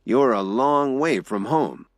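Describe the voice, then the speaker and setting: A man's voice: mid-range voice, animated, slow pace, dry recording, clean studio sound, voice pushed up. A man voicing a serious, defiant man in an audio drama, coolly warning.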